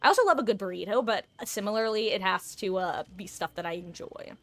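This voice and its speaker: A woman's voice: medium pitch, quick pace. A woman live-streaming a game, chatting casually and rambling through stories to her viewers. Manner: chatty, rambling, animated with sudden shrieks. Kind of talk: casual live-stream chat while gaming.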